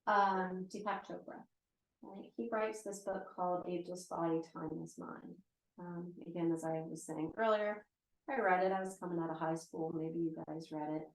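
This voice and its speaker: A woman's voice: lowish voice, steady tone, moderate pace. A woman in her forties teaching yoga and meditation in a casual live lecture, chatty and full of "right?" asides. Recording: roomy echo.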